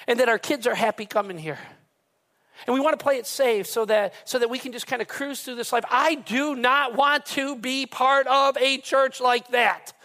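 Gravelly, emphatic preacher. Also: high voice, a bit bright. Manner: emphatic, repeats phrases for weight; talks straight to the congregation. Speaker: pastor. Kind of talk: sermon.

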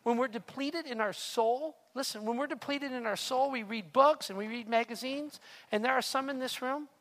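A man's voice: extremely high pitch, normal speed, a bit bright. Earnest man preaching in a reverberant hall. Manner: earnest, confessional, repeats words often. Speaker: pastor. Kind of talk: sermon. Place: church hall.

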